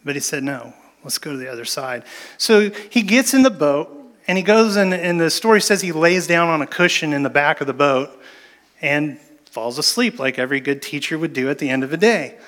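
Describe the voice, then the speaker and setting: A man with a fairly high voice preaching a sermon. He tells the story with energy, jumping into acted-out lines from the people in it. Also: moderate pace. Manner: animated storytelling with acted-out quotes. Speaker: pastor.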